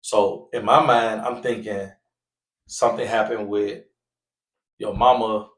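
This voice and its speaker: A man telling a story on a casual podcast, acting out the people he quotes in loud, raised voices. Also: fairly low pitch, unhurried. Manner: animated, acts out quoted voices loudly. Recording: echoey room.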